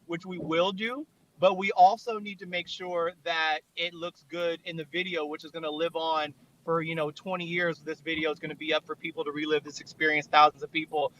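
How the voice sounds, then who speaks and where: A man's voice: a little high, little pitch movement, fairly quick, hardly any pauses, bright, forceful tone, a little hiss or hum. A man, a videographer, telling a story in casual chat, rambling and full of "like". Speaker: videographer and director. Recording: dull lo-fi online audio.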